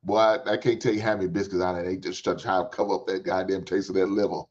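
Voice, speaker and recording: A man's voice: sits low, level tone, fast talker, a little mellow. A middle-aged man, hosting a livestream in casual, joking storytelling chat and swearing freely. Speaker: livestream host. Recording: dull lo-fi stream audio.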